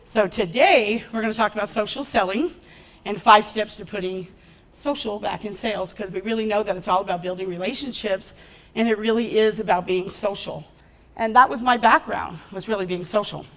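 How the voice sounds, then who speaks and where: A woman giving a lively talk at a business event, laughing often and acting out what people said to her. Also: mid-range voice, fairly quick, low-quality recording. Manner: animated, laughs often, acts out quotes. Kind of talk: motivational stage talk with storytelling. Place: event stage before a live audience.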